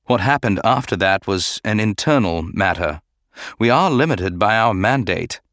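A man reading an audiobook voices a troubled male Jedi knight who speaks in a calm, restrained and formal way. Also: on the low side, moderate pace, no room sound, studio quality.

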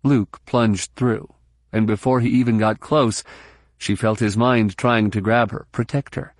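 A man narrating a novel in a low, unhurried voice, measured and even. The recording is close and dry, with no room sound. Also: no room sound. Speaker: audiobook narrator. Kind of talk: scripted narration.

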